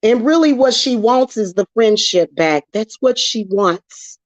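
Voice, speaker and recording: Ranting emotionally and profanely about her spiritual work, this woman vlogs about witchcraft in a casual style. She talks a little slowly in a voice on the high side with lively intonation, and the dull, lo-fi recording is dry with no room sound.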